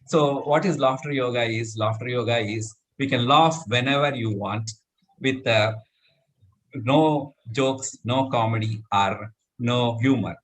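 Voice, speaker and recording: A middle-aged man teaching laughter yoga, talking the group through the steps and breaking into loud cheers and laughter. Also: mid-range voice, a little slow. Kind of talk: live demonstration talk.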